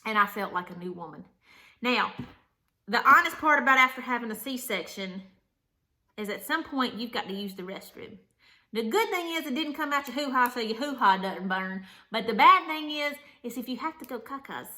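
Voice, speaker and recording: Young woman vlogging, chatty and candid, bright clear voice, kinda high. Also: normal speed. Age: young adult. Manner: chatty, animated, candid, laughing. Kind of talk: casual storytelling to camera.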